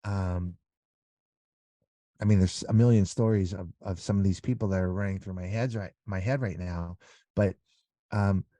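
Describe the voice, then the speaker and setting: A man's voice: low-pitched, fairly even intonation, normal speed, pauses often, warm tone, no room sound. A middle-aged man talking as an interview guest in a casual conversation, earnest and rambling with many restarts.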